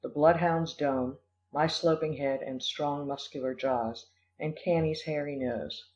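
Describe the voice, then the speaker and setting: A man giving a measured, scripted audiobook narration. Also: on the high side, fairly even intonation, a little mellow. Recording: dull lo-fi audio.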